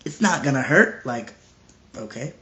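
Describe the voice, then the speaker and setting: A medium-pitched man preaches a little slowly, earnest yet casual, frequently stumbling and repeating himself. He's animated, at times acting out bold dialogue. The recording is dull lo-fi.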